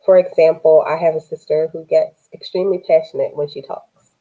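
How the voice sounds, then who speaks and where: A woman co-hosting a live discussion show, speaking in a measured, reflective way with frequent pauses. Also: deep voice, fairly even intonation, warm tone. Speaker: podcast co-host. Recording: tinny phone-like line.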